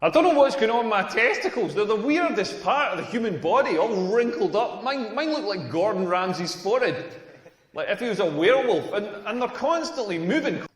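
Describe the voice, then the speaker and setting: An actor playing a cocky stand-up comedian with a Scottish accent, delivering a sardonic, punchy set. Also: male voice, sits high, big pitch swings, brisk. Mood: deadpan jokes. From Scotland. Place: comedy club stage. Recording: echoey hall with long reverb.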